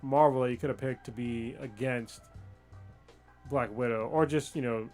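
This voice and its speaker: A man's voice: medium pitch, fairly even intonation, normal speed, a little mellow, faint music behind. A man co-hosting a livestream podcast, talking hesitantly with lots of fillers and casual swearing. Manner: hesitant, filler-heavy, profane. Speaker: podcast co-host.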